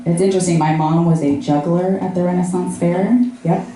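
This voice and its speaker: Low-voiced young woman doing wry stand-up. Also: steady tone, brisk, warm tone, slight background noise. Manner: wry, self-mocking, talks to the crowd. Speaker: stand-up comic. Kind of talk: stand-up set. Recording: echoey club hall.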